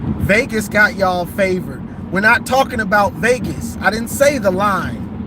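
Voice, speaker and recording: A man's voice: sits high, expressive, measured pace. A man, talking sports in a casual, emphatic way. He often repeats and restarts phrases while he drives. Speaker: sports vlogger. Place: in a car while driving. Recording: road noise from a moving car.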